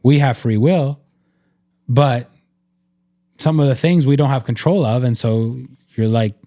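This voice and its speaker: A man's voice: mid-range voice, a little slow, mellow, no room sound, clean studio sound. A man hosting a casual faith-based podcast chat, talking in an earnest, reflective way and leaning on lots of "like" fillers. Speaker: podcast host.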